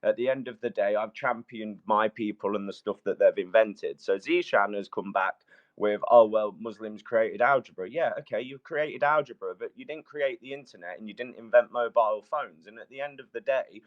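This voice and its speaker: A man's voice: lowish voice, moderate pace. A middle-aged British man in a heated live audio debate, blunt and combative, who keeps complaining about being interrupted. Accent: British English. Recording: dull lo-fi call audio.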